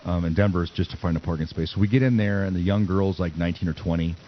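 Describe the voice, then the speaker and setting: A man's voice: deep voice, fast, dull audio, slight background noise. A man in his fifties hosting a casual podcast chat, a sarcastic joker telling stories. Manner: joking, sarcastic storyteller. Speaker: podcast host.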